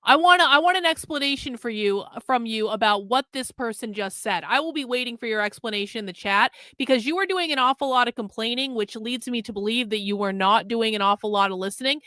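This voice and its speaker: A woman's voice: on the high side, quick pace, few pauses, bright, forceful tone, no echo. A woman hosting a livestream, bluntly scolding viewers in the chat with heavy profanity. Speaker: livestream host.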